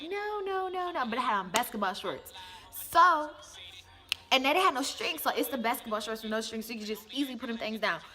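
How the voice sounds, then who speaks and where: Young woman talking to the camera, pretty high voice, chatty and animated, acting out the lines. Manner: chatty, animated, acts out what was said. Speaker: vlogger telling a story. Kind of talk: casual storytime.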